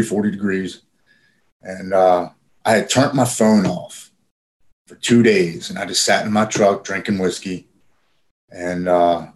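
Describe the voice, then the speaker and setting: A man casually telling a personal story in plain, profane speech with frequent fillers. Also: lowish voice. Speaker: guest telling his recovery story.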